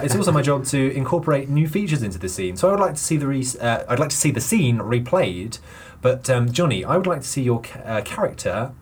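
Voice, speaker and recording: A man's voice: mid-range voice, a little hiss or hum. A man hosting a comedy podcast, directing improv in a chatty, upbeat, giggly way.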